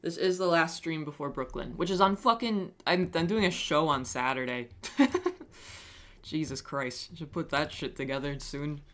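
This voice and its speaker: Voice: medium pitch, moderate pace, few pauses, fairly bright tone. A streamer chatting casually on a live stream, reading chat messages aloud and answering them with wry, self-mocking humor and frequent swearing.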